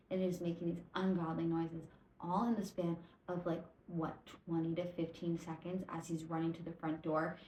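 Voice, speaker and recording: A woman hosting a casual storytelling podcast, tipsy from vodka, retelling stories in an animated, rambling way with swearing and stumbling self-corrections. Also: lowish voice, echoey room, a little hiss or hum, low-quality recording. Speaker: podcast host.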